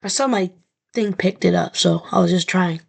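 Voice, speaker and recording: Gravelly-voiced young woman rambling to camera. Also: lowish voice, moderate pace. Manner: rambling, profane, lots of fillers. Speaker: vlogger. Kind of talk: casual storytelling to camera.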